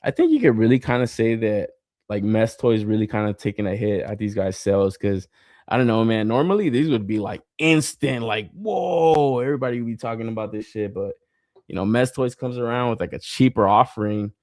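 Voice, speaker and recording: A man's voice: lowish voice, expressive, brisk, a little mellow, dry recording, clean studio sound. A man hosting a podcast in casual chat, rambling and swearing a lot, with plenty of fillers and frequent laughs. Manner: rambling, profane, with lots of fillers; laughs often while talking. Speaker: podcast host. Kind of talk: casual chat reading live comments.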